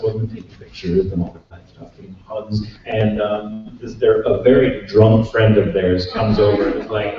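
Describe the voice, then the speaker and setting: A man on a convention panel telling an anecdote to the audience, animated and full of fillers, laughing often. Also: fairly low pitch, normal speed, few pauses. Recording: echoey hall, distant and dull, audience noise. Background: audience laughter and crowd noise.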